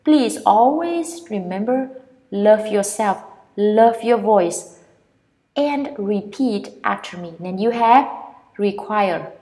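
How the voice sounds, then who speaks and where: A woman with a Vietnamese accent, a native Vietnamese speaker, teaching an English pronunciation lesson and repeating each word with drawn-out vowels. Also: medium pitch, lively intonation, mellow.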